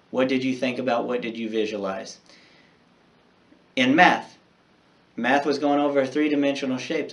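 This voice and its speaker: A man's voice: mid-range voice, recorded from a distance. A male teacher with a mid-range voice reads a children's chapter book aloud to his class. He then goes over homework, speaking directly and encouragingly to his students.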